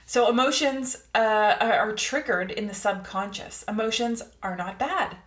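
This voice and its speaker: A woman hosting a reflective self-help talk, calm and earnest, often checking in with her listeners and slowing down to stress key words. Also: medium pitch, roomy sound. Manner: calm, earnest, coaching tone with frequent "all right?" check-ins; slow, drawn-out emphasis on key words. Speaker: podcast host.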